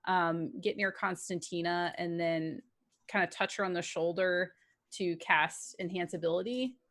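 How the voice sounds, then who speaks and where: A woman playing a tabletop game, chatty and hesitant, with many pauses. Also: on the low side, fairly bright tone. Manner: chatty, hesitant, many ums, laughs easily. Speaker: player. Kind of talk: casual tabletop game chat.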